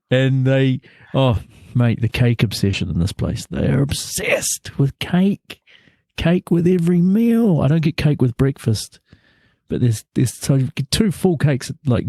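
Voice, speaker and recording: A man's voice: medium pitch, no echo. A man telling stories in a loose, rambling chat over a video call from a hotel room, laughing and restarting often. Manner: rambling, animated, lots of filler and laughs. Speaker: actor interviewed from hotel quarantine. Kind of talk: casual chat, storytelling.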